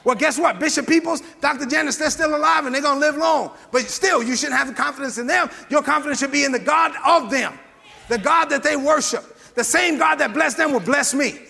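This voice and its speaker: A man preaching a sermon in call-and-response style, often rising to shouts and asking the congregation to say amen. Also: very high-pitched, fairly quick, vocal fry, in a large hall.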